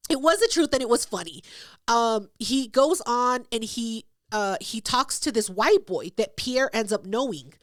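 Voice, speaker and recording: A young woman co-hosting a podcast, telling a story in casual chat, profane and animated, acting out what people said. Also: on the high side, a little slow, no echo, studio quality. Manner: animated, profane, acts out quotes. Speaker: podcast co-host.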